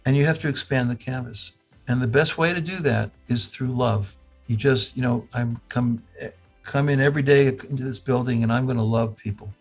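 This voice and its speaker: A man with a gravelly, husky voice tells a lively story in conversation. He acts out the people in it and often circles back to restart a phrase. Faint music plays underneath. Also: medium pitch. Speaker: medical school professor and institute founder. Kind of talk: animated storytelling talk.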